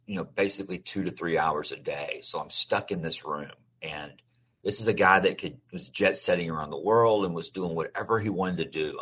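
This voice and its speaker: A middle-aged man speaks as an interview guest in a low, husky voice with a bright, forceful edge. He tells his own story earnestly and keeps restarting and repeating his phrases as he goes. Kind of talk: personal testimony in a conversational interview.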